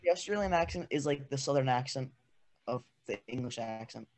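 A teenage boy chatting on a student podcast at an ordinary medium pitch. He talks casually and haltingly, leaning heavily on fillers. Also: animated. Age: teens. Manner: hesitant, filler-heavy, reluctant to perform. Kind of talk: casual chat.

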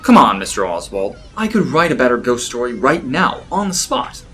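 A man's voice: medium pitch, big pitch swings, moderate pace, loud music behind the voice, lightly acted. A man voicing a young, skeptical and easily frustrated man in a spoken story, sounding indignant and insistent.

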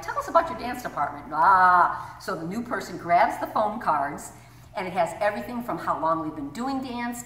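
A middle-aged woman coaching gym owners on answering the phone, perky and animated, acting out sample greetings. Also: medium pitch. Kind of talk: instructional talk to camera. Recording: echoey room, mic at a distance.

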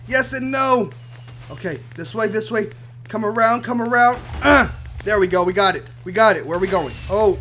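A young man hosting a gaming channel, giving excited commentary over his play, swinging between loud outbursts and quiet mumbled asides. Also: very high voice.

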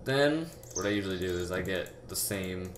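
A young man giving a rambling, halting game tutorial, full of fillers and restarts, talking as if out of breath. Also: low-pitched, lively intonation. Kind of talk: casual gameplay tutorial. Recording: echoey room with loud background noise. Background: keyboard typing and mouse clicks.

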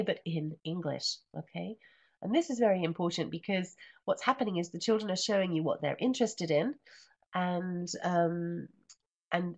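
A woman teacher trainer reads a picture book aloud over a computer microphone, breaking off to explain it. Her low, breathy voice swings widely in pitch, and she chants the refrain in a sing-song way. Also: darkish tone. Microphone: computer microphone in an online session.

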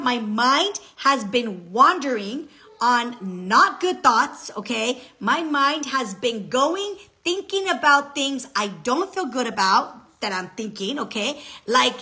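Chatty bright-voiced woman vlogging. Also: on the high side. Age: adult with a child. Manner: chatty, expressive, keeps saying okay. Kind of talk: casual personal vlog talk.

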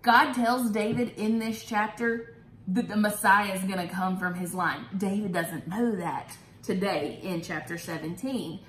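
A woman's voice: medium pitch, fairly even intonation, measured pace, fairly bright tone, slight background noise. A woman hosting a casual Bible study talk, chatty and enthusiastic. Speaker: host. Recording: roomy echo.

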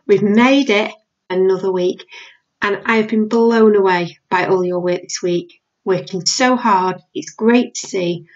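A woman's voice: mid-range voice, steady tone, unhurried, muffled recording. A British woman teacher reading a novel aloud to her class.

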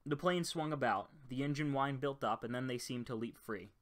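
A man reading a short-story audiobook in an even, low-key narration. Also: normal speed. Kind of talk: scripted narration.

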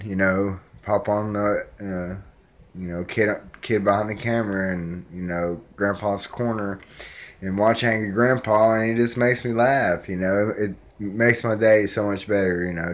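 A man speaking in a casual, rambling vlog message, sincere and full of fillers. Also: deep voice. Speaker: vlogger.

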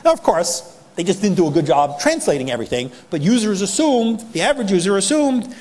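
A man with a New York accent gives a lively talk, his voice sitting a little high for a man. He plays out other people's reactions as he goes. The sound rings with a long reverb, as in a big lecture hall. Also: a little fast. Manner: animated, acts out people's reactions. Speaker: privacy advocate speaker. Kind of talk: conference talk.

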